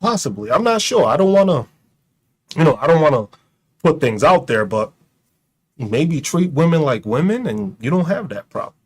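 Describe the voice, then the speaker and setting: A man with a high voice that swoops all over his range, delivering a mocking, profane rant to his online audience. He fires off rhetorical questions and keeps laughing at his own jokes. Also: very animated, normal speed, breathy edge. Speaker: streamer and commentator. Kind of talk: ranting commentary to an online audience.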